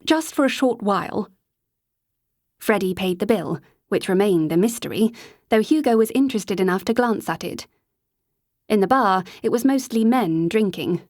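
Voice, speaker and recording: A woman's voice: medium pitch, a little mellow, no echo. Woman narrating an audiobook, dry close sound. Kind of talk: scripted narration.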